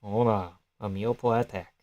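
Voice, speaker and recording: A man's voice: on the low side, fairly even intonation, normal speed, darkish tone, highs cut off. Casual young man streaming fight reactions. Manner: loose, profane, chatty, reads and answers chat. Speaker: live streamer.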